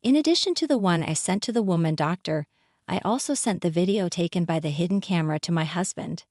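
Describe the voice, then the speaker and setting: A woman's voice: fairly low pitch, lively intonation, fast talker, a little mellow, no room sound. Matter-of-fact woman storyteller, dry sound. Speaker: narrator. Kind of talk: scripted first-person story narration.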